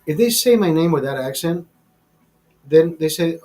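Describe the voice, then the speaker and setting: A man's voice: fairly high pitch, lively intonation, moderate pace, darkish tone. A man hosting a livestream in casual, crude chat, profane and rambling, often laughing. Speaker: livestream host.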